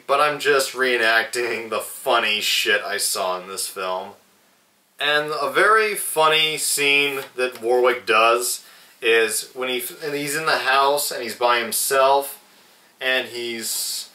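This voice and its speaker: A young man talks through a movie review at a slow, unhurried pace. His profane, rambling delivery is full of restarts, and his voice is bright and forceful. The room's echo makes him sound set back from the mic. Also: medium pitch. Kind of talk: casual movie review vlog. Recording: echoey room, mic at a distance.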